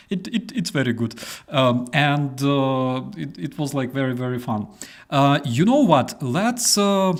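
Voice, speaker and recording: Young Ukrainian male host, casual English with an accent, mid-pitched voice, filler-heavy. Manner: storytelling with many fillers and restarts. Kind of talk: casual chat.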